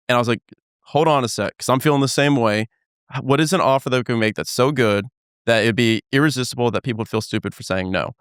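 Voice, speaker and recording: A man hosting a podcast interview, telling a business story in an animated, casual way and swearing now and then. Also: mid-range voice, a little fast, smooth, dry recording, clean studio sound. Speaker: podcast host. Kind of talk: conversational storytelling.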